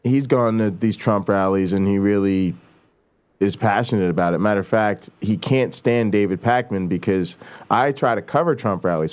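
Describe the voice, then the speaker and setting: A man's voice: low voice, a little mellow, clear, resonant tone. A middle-aged man hosting a casual chat show, rambling and swearing, with many fillers. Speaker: host.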